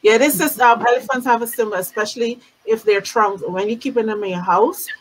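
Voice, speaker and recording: A woman's voice: fairly high pitch, fairly quick, noisy background. A woman hosting a casual live-stream chat, chatty and full of fillers, heard over a video call. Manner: chatty, warm sign-offs with many fillers. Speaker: host.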